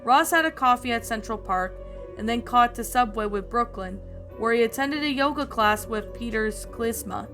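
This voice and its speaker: A woman's voice: a little high, normal speed, bright, forceful tone, faint music behind. A woman narrator reading a fan story aloud, often stumbling and restarting words.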